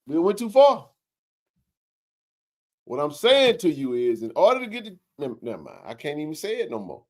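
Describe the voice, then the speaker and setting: A man hosting a casual sports talk show, joking and bantering in slangy, animated talk. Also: a little high, moderate pace.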